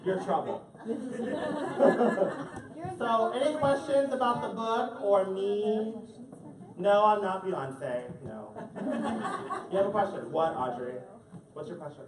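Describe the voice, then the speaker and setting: A drag queen reading a storybook aloud to children at a live event, teasing and joking with the audience and drawing out the rhymes. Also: mid-range voice. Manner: playful, teasing, jokey; reads rhyming lines slowly and sing-song. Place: indoor event space with families. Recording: echoey room from far off, loud crowd.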